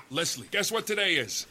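A man voicing a giddy male camel in a comic ad, teasing in drawn-out sing-song calls. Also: a little high, bright, forceful tone, breathy edge, heavily acted. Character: giddy male camel shouting about hump day. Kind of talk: comic ad character voice.

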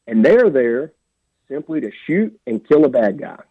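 A man's voice: medium pitch, big pitch swings, unhurried, slightly rough, no echo. Blunt man on a phone line. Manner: blunt, plain-spoken, emphatic. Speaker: sheriff candidate, radio guest. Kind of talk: phone-in radio interview. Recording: tinny dry phone line.

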